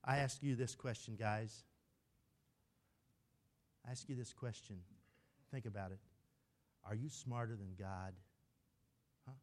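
An older man preaching a sermon from the pulpit, emphatic, urging the congregation to recite with him and shouting lines for emphasis. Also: on the low side, fairly even intonation, measured pace, long pauses. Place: church sanctuary at the pulpit.

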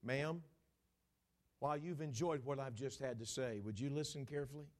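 This middle-aged pastor, medium-pitched and moderately paced, preaches straight at his audience. He veers from forceful shouts to near-whispers and often repeats or restarts his words.

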